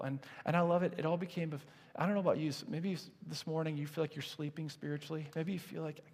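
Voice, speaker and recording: A man's voice: fairly high pitch, fast talker, a little mellow, slightly rough. Earnest man preaching in a reverberant hall. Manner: earnest, conversational storytelling with many restarts. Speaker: pastor. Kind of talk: sermon.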